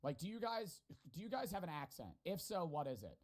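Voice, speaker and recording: A man's voice: a little high, sing-song, fairly quick. A man with a general American accent giving casual, profanity-laced reaction commentary. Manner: rambling, profane, laughing asides. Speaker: streamer reacting to videos.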